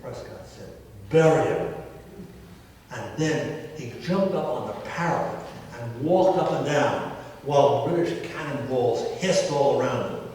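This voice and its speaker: A man's voice: mid-range voice, animated, unhurried, a little mellow, recorded from a distance. Older American man lecturing in echoey hall. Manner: storytelling, wry asides. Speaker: historian giving a lecture. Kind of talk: public history talk. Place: historic hall, indoors.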